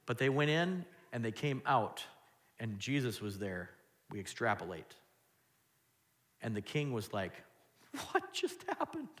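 A male pastor with a mid-range voice delivers a sermon a little slowly, pausing often. He shifts between loud, emphatic lines and soft asides, dramatizing quoted voices in a raised voice.

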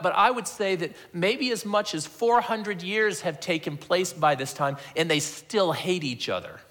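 A man's voice: medium pitch, fairly bright tone. A man preaching a conversational sermon that reads scripture and acts out its dialogue, often repeating words as he restarts a thought. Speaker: pastor.

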